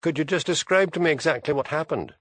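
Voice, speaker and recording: A man voicing a calm, shrewd male village police constable in an audiobook. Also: on the high side, fast talker, no room sound, pitched above the performer's own voice. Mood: probing.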